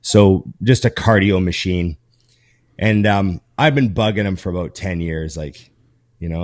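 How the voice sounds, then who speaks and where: A pro bodybuilder co-hosting a podcast, telling a story in a lively, casual way full of fillers. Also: male voice, low-pitched, moderate pace, dry recording, studio quality. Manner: animated storyteller with many fillers.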